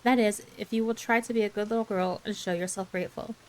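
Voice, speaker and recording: A woman's voice: mid-range voice, steady tone, fast talker, darkish tone, natural voice, poor audio. A woman doing a stern, clipped spinster. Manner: curt, disapproving, clipped. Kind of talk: soft ASMR bedtime story reading.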